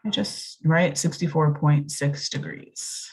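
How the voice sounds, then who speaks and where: A woman's voice: sits low, slow, vocal fry, a little mellow, slightly rough. A woman, working through a recorded math lesson, chatty and thinking aloud as she corrects herself. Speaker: math teacher.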